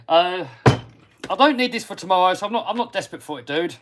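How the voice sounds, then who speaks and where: A man's voice: sits high, background noise. An English man hosting a casual live stream about radio-control cars, reading out viewer comments and answering them, muttering to himself while he cleans parts. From England. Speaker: RC hobby livestream host. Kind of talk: casual live-stream chat while working on a model car.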